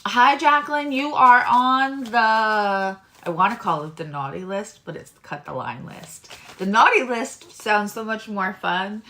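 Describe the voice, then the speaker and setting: A woman's voice: medium pitch, unhurried, few pauses, bright, forceful tone. Chatty woman giving live tarot readings. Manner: chatty and rambling, talks to chat viewers. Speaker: tarot reader hosting a live stream.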